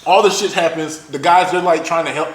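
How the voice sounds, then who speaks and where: Man, high voice, animated storyteller, swears a lot, echoey room. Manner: animated, profane, fast-talking storyteller. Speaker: podcast co-host. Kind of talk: casual storytelling chat.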